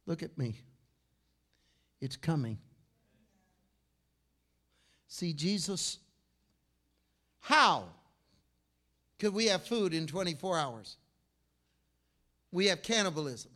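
A man preaching a fiery sermon, telling a story and swinging from shouts to hushed tones. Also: a little high, big pitch swings, slow pace, long pauses.

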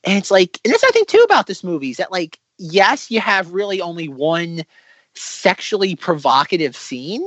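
A man talking casually as podcast co-host, animated and full of filler words. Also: high voice, normal speed, no echo, dull audio. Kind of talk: casual film discussion.

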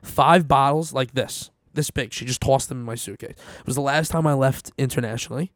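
Profane, animated man telling a story. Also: mid-range voice, a little fast, dry recording, studio quality. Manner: swears a lot, animated retelling. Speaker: storyteller guest. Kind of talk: casual chat, profane storytelling.

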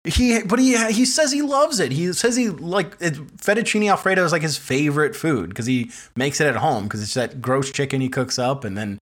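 A man's voice: a little high, animated, fairly quick, hardly any pauses, fairly bright tone. A man co-hosting a comedy podcast, telling mocking stories in a rambling way full of "like"s. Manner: mocking, rambling storyteller with many "like"s. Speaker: podcast co-host. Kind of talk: casual podcast banter.

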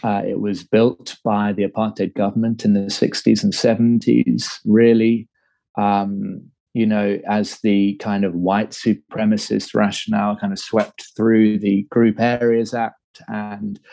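A man's voice: lowish voice, level tone, unhurried, creaky, warm tone, no room sound, poor audio. A man in his thirties with an English accent, telling a long personal story in an interview, with many fillers and restarts. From England. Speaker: guest. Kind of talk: conversational storytelling.

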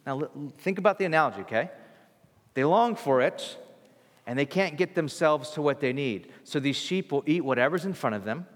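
Guy preaching, chatty and animated, bit high voice, big hall echo. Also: moderate pace. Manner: conversational, animated storytelling. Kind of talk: sermon.

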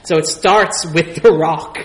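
A man's voice: a little high, unhurried, slight background noise, low-quality recording. A man co-hosting a casual film podcast, chatty, laughing often and filling gaps with ums.

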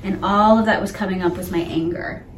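A woman co-hosting a casual talk show tells a personal story with lively, laughing energy. Her voice sits at a middle pitch and rings in an echoey room, with faint noise behind it. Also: a little fast. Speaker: podcast co-host and emotional intelligence coach. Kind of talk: casual chat.

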